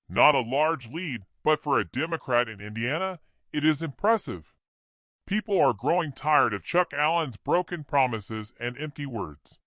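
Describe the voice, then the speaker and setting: A man voicing a confident male campaign manager in a storybook reading, speaking smoothly. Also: a little high, a bit bright, no echo, studio quality, pitched above the performer's own voice.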